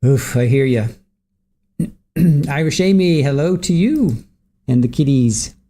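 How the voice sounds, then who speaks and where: A man's voice: mid-range voice, animated, unhurried, mellow. A man hosting a livestream, greeting viewers from the chat by name and chatting casually while waiting for court to start. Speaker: livestream host.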